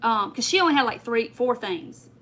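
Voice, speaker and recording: A woman's voice: a little high, expressive, normal speed, fairly bright tone, slight background noise. A woman chatting on a crafting livestream, rambling through a story and talking straight to her viewers while she works. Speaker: crafting channel host.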